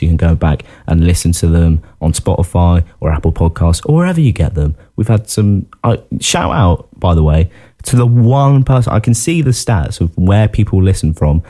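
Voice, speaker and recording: A man with a low, mellow voice co-hosts a casual football podcast. He is chatty and self-deprecating, and he laughs often. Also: animated, fairly quick. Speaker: podcast co-host.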